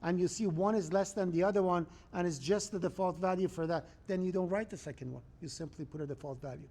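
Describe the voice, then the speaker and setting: A man's voice: sits high, fast talker, darkish tone. A man teaching a programming class in a conversational lecture style, often checking that students follow along. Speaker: programming instructor.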